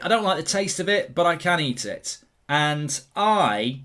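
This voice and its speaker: Excitable English man hosting a live stream. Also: a little high, a little slow. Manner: jokey, excitable, mock-newsreader bursts. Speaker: host of football watchalong. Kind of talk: casual live-stream chat.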